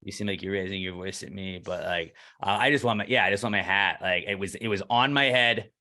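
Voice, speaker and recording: A man's voice: low-pitched, brisk, bright, forceful tone. A man co-hosting a podcast, telling a story in casual chat, acting out the other people's lines and swearing freely. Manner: ranting, acts out quoted dialogue, swears freely. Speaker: podcast co-host.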